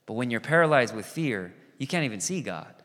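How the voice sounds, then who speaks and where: A man preaching a sermon as pastor, animated and conversational, acting out quoted voices and asides. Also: medium pitch, a little fast. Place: church sanctuary. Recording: long reverb of a church hall.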